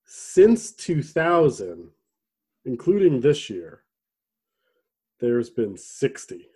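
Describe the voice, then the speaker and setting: A man co-hosting a casual podcast chat, rambling with restarts and throat clearing. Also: mid-range voice, very animated, very slow, mellow. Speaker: podcast co-host.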